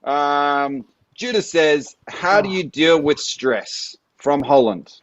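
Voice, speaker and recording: A man hosting a live stream chat, animated and reading out viewer questions. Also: on the high side, slow pace, dull audio. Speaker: host.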